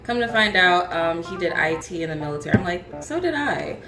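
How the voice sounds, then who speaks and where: A woman's voice: on the low side, quick pace. A young woman guest on a talk show, telling a dating story in casual chat, swearing freely and laughing as she goes. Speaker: podcast guest. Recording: roomy echo with music behind.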